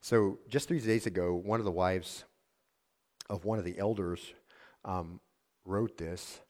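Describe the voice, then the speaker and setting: Man, pastor, sermon, earnest, questioning, lowish voice. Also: measured pace. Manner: earnest, asks the congregation questions, reads a letter aloud softly.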